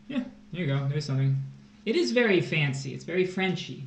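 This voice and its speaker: A man's voice: fairly high pitch, sing-song, fairly quick, gravelly. A man tutoring test prep on a casual livestream, joking and rambling as he explains math. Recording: echoey room, faint hiss.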